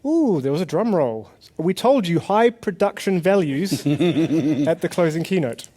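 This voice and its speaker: A man's voice: high voice, sing-song, a little slow, dark tone, slight background noise. A man co-hosting a live conference stage session, joking and bantering with the audience. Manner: jokey, playful, banters with audience. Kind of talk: comedic live stage presentation.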